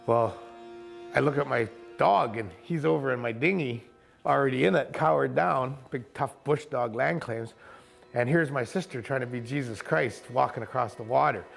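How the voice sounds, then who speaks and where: Gravelly-voiced man telling a wild story. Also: medium pitch, moderate pace, faint music behind. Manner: animated, acts out voices of others. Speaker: kayak camp owner and boat operator. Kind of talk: casual storytelling. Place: outdoors at a rocky bay.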